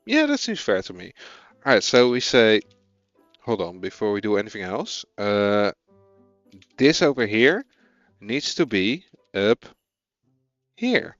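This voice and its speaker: A man's voice: on the low side, big pitch swings, slow pace, long pauses, a bit bright, no room sound, highs cut off, faint music behind. A man with a Dutch accent, a native Dutch speaker, thinking aloud as he codes and chatting with viewers on a casual live stream.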